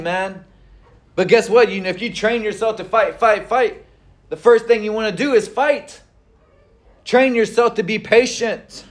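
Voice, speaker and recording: A middle-aged man preaching a sermon in a conversational way, with frequent fillers and pauses. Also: sits high. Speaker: pastor.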